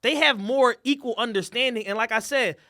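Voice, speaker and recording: A man's voice: extremely high pitch, brisk, sharp tone, no room sound, clean studio sound. A man co-hosting a podcast, making emphatic arguments in casual, profane slang. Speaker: podcast co-host. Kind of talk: casual chat.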